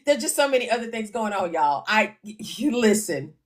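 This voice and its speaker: A woman's voice: mid-range voice, very animated, a little fast. A middle-aged woman, hosting a casual livestream, chatting and reading out comments. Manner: chatty, laughing often, reading comments aloud. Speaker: livestream host.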